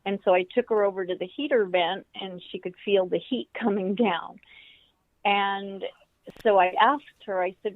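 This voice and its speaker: A woman's voice: mid-range voice, steady tone, moderate pace, no echo. An older woman, an author and professor, telling a story as an interview guest and acting out the quoted voices. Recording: tinny phone-like line.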